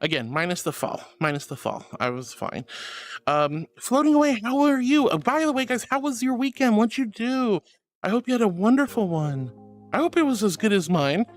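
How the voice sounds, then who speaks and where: A man's voice: high voice, very animated, moderate pace, soft background music. A man streaming casually, reading viewer messages aloud and calling them sweetheart and honey in a gushing, playful way.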